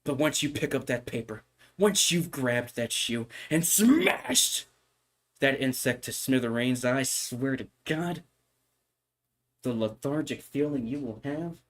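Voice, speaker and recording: A man, a streamer, chatting casually on a livestream in an animated, mock-solemn lecturing way. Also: medium pitch, slow pace. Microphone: microphone.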